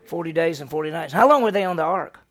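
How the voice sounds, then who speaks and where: A man, a senior pastor, teaching a Bible lesson in an animated storytelling way and quizzing his class with questions. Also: fairly high pitch, fast talker.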